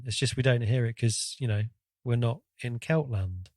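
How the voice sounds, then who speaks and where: A man's voice: medium pitch, normal speed, a little mellow, no echo, studio quality. A man co-hosting a podcast in casual chat, teasing and joking with his co-host.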